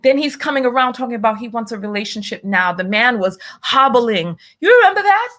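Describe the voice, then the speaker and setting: This is a woman with a somewhat high voice hosting a casual talk show, chatting on her own about the news of the day. She talks wryly and throws rhetorical questions at her viewers, then reads out and thanks them for their donations. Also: lively intonation, brisk, fairly bright tone. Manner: talkative, wry, rhetorical questions. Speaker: show host. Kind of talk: casual commentary and reading donations.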